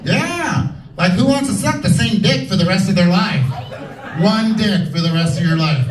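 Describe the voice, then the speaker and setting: Campy, lively comedian on a club stage. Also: male voice, high voice, normal speed, distant mic. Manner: animated, campy, loud punchlines. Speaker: stand-up comedian. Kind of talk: stand-up comedy set. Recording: echoey club heard from afar. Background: laughing crowd.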